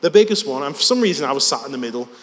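Storytelling preacher in a reverberant hall. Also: male voice, mid-range voice, expressive, very fast. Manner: conversational, anecdotal, self-deprecating. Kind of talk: sermon storytelling. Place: church hall. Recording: long church reverb.

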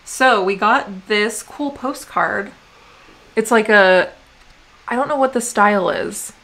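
A woman's voice: mid-range voice, takes it slowly, fairly bright tone. A woman in her thirties from the United States, co-hosting a vlog and chatting casually while reading viewer mail with lots of "um"s. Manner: chatty, rambling, often says "um". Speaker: vlog co-host.

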